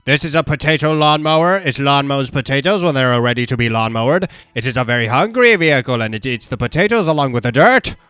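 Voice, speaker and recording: A man narrating a comedy explainer video in a deadpan, mock-serious voice-over. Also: mid-range voice, quick pace, hardly any pauses, clean tone, no echo.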